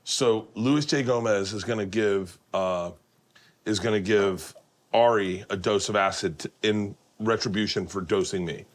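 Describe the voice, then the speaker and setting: A middle-aged man hosting a casual chat, telling stories and acting out quotes in a high excited voice. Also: measured pace. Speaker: host. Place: home kitchen.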